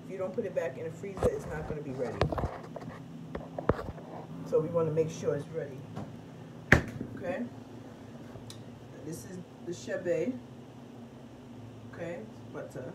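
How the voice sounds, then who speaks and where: A woman's voice: low voice, a little slow, long pauses. Brief: woman, casual vlog seller, pushy and profane, raised voice, distant phone recording with a noisy room. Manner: emphatic, repeats "okay?", swears freely. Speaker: product seller. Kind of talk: casual product pitch vlog.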